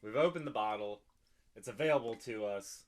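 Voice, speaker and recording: A man's voice: fairly low pitch, brisk, heavy background noise. A man co-hosting a casual drinking show, joking around and laughing often. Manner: playful, laughs often, reads labels in a mock voice. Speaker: podcast co-host.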